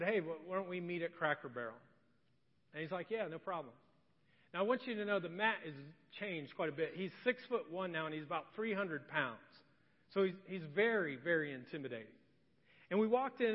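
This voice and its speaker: A middle-aged man preaching as a pastor, conversational and joking, moving between loud emphasis and soft emotional storytelling. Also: high-pitched. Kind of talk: sermon with personal story. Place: church sanctuary. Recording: distant echoey hall, dull sound.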